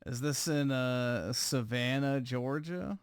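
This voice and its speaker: A man's voice: medium pitch, takes it slowly, very noisy. A male livestream host giving crude, mocking reaction commentary.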